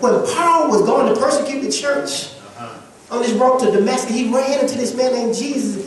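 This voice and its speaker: A woman's voice: sits high, moderate pace. Emphatic woman preaching in an echoey church. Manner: emphatic call-and-response preaching with repeated phrases. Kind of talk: sermon. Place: church sanctuary with congregation. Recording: echoey church hall from far off.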